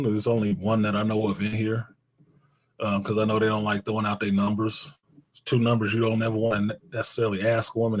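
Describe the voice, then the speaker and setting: Through poor audio comes a lowish, husky male voice hosting a live stream. He chats loosely with viewers, cracks jokes, reads out their messages and swears freely in slangy speech.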